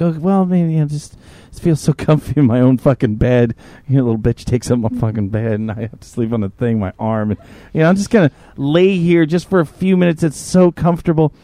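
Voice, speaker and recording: A man's voice: mid-range voice, warm tone, dry recording. A man hosting a podcast and telling a story in casual, profane chat. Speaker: podcast host.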